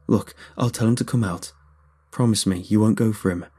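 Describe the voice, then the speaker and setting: A man voicing a calm, folksy small-town Southern man with a Louisiana accent. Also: lowish voice, moderate pace, husky. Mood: soothing. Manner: soothing, folksy.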